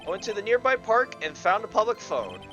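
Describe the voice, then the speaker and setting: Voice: mid-range voice, sing-song, brisk, over music, pitched above the performer's own voice, lightly acted. An amateur fan dubber voicing a sleazy male newspaper salesman in a video game, with an attempted New York accent. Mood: nervous testifying.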